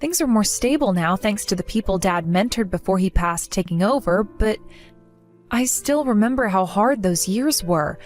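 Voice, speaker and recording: A middle-aged woman playing a resilient mother who gently comforts her grown daughter. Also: medium pitch, expressive, normal speed, faint music behind, lightly acted. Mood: reassuring. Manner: gentle, reassuring.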